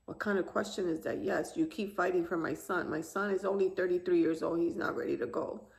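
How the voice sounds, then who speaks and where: A woman in her fifties, a grieving mother, telling the story of her son's death to camera in a soft, halting, tearful way. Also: fairly low pitch, fairly even intonation, vocal fry. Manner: soft, halting, tearful retelling with quiet pauses. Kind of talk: emotional personal testimony to camera.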